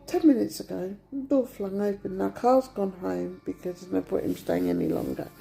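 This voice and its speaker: Tired middle-aged woman, gravelly and dark-toned, venting to camera from a hospital bed. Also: mid-range voice, sing-song, brisk, soft background music. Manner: upset, venting, retells dialogue. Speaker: vlogger. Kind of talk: casual vlog rant. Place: hospital room.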